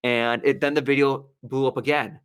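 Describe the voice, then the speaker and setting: Man, young adult, podcast co-host, casual chat, animated storyteller, dry close sound. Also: mid-range voice, moderate pace, clean tone, no echo. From Wisconsin. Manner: animated storyteller, acts out quotes.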